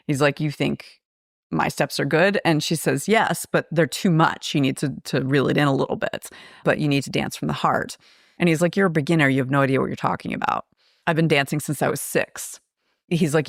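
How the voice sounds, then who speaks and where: Woman podcast host, chatty plot recapper who acts out quotes, low and gravelly voice. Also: dry recording, studio quality. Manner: chatty, animated retelling with quoted dialogue. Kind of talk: casual film recap.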